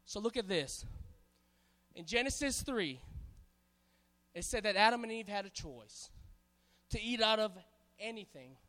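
A man from Hawaii preaching a sermon to a congregation, animated and playful, calling on the crowd to answer back. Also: high-pitched, unhurried, long pauses. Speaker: pastor. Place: church hall. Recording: hall reverb.

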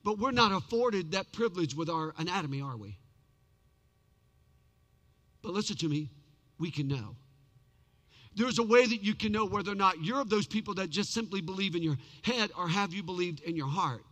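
A man preaching a sermon, telling a story with big swings from shouted peaks to hushed lows. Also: animated, moderate pace, pauses often. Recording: long hall reverb.

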